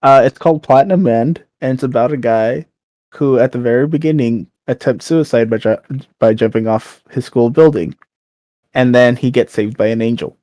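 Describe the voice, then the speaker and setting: A young man co-hosting a podcast in casual chat, relaxed and recapping stories with fillers. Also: mid-range voice, moderate pace, no room sound. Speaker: podcast co-host.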